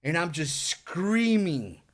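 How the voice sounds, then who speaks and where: Young male podcast co-host, higher-pitched, animated storyteller who swears a lot. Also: takes it slowly. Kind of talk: casual chat, storytelling.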